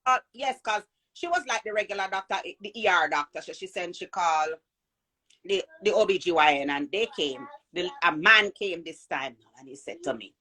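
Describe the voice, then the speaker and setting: A woman with a Jamaican accent telling a personal birth story in an animated way, acting out the voices of people she quotes. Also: fairly low pitch, a little fast. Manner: animated, acts out quoted voices, repeats and restarts.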